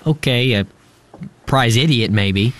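A man's voice: mid-range voice, slow, a bit bright. An actor playing a cocky, wisecracking teenage boy in a radio drama, talking in a sarcastic way. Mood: teasing.

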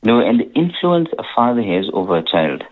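A man speaking earnestly and warmly about his father as a guest on a radio interview, with many "you know" restarts. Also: medium pitch, big pitch swings, a little fast. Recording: tinny radio phone line.

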